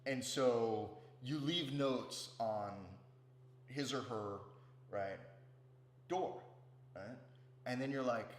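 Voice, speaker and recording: A man's voice: mid-range voice, extremely slow, pauses often. A man giving a casual, profane spiritual talk as a meditation teacher, often checking in with "right?". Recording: roomy with faint hum.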